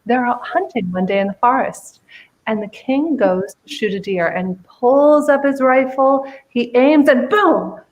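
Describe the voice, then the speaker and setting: A woman's voice: on the high side, unhurried, poor audio. A woman who is a radio show guest, telling a story with theatrical expression.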